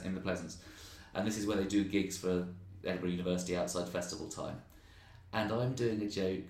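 A man with an English accent, a stand-up comedian telling animated, ranting stories in a casual interview chat. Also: on the low side. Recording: roomy, distant mic.

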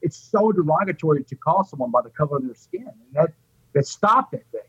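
Telling a personal story in an interview, the Port Arthur, Texas man speaks a little high and brisk with a slightly rough texture, lively as he imitates others' voices. The dull, lo-fi audio is dry, lacking room sound.

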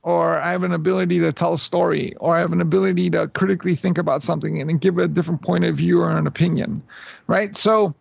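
A man in his fifties from New York tells stories in a lively, animated way, often repeating words as he starts a thought. His voice sits high and is heavily gravelly. The recording sounds dull and lo-fi. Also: quick pace, no room sound. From New York City. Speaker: guest. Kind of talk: casual storytelling interview.

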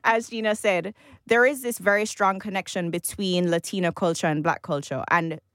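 A woman co-hosting a casual panel discussion, animated and laughing often as she talks in long, flowing runs. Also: on the low side, moderate pace, no echo. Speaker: podcast co-host.

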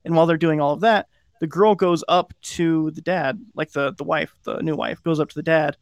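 Rambling podcast man, fairly high voice. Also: steady tone, moderate pace, clean tone, dry recording. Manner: rambling, lots of "like" and restarts, acts out quoted lines. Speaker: podcast co-host. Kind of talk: casual chat, retelling a film plot.

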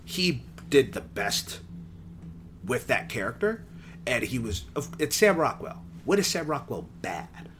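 A man's voice: medium pitch, big pitch swings, a little slow, fairly bright tone, a little hiss or hum. A man co-hosting a casual movie review chat, rambling with playful asides. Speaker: podcast co-host.

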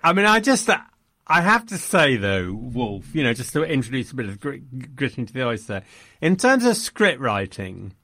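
A man's voice: mid-range voice, very animated, normal speed, pushed and bright, no echo, studio quality. A man chatting about a film with wry, mock-indignant humour. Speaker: film podcast co-host. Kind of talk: casual film discussion.

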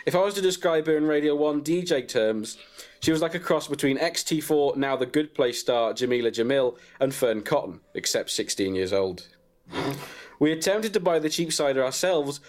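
A man reading a crude comic story about himself in a deadpan way and breaking into laughs. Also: mid-range voice.

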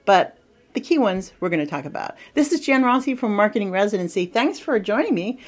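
A middle-aged woman teaching a casual business lesson as a marketing coach and podcast host, chatty and lively, with playful asides. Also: medium pitch, brisk.

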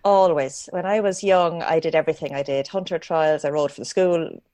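A woman's voice: sits low, normal speed, no echo. A woman with a rural Irish accent, a guest answering interview questions and laughing often as she talks. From Ireland. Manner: warm, laughs often while talking. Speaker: guest, dressage rider. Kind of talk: casual interview chat.

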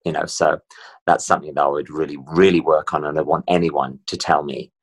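A man's voice: rumbling low, a little fast, breathy edge. A middle-aged man from Britain, telling stories as an interview guest. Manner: chatty, animated storyteller. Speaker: guest performer. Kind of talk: casual interview chat.

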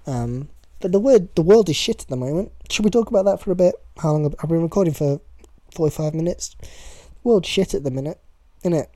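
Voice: mid-range voice, animated, brisk, warm tone, no echo. A young adult with a British accent, hosting a podcast in casual, rambling, sweary chat. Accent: British English. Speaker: podcast host.

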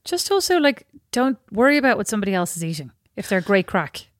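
A woman's voice: mid-range voice, very animated, quick pace, no room sound, clean studio sound. A woman co-hosting a podcast, chatting in a playful, teasing, argumentative way. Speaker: podcast co-host. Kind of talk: casual podcast chat.

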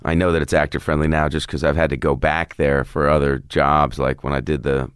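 A man with a very low, rumbling voice rambles easily through podcast chat. He restarts sentences and leans on fillers. The sound is close and dry, with no room around it. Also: flat delivery, brisk, clean tone, no room sound. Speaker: actor guest.

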